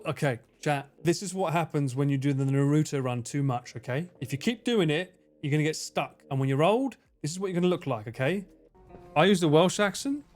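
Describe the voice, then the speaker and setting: A man giving casual gaming stream commentary, swearing, laughing and breaking into sudden loud yelps. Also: a little high, lively intonation, a little fast, faint music behind. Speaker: livestreamer.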